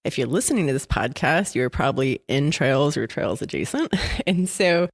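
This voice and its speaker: A woman's voice: very deep voice, very animated, moderate pace. A woman guest-hosting a podcast in casual chat at a conference happy hour, giggly and self-deprecating. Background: drinks and chatter.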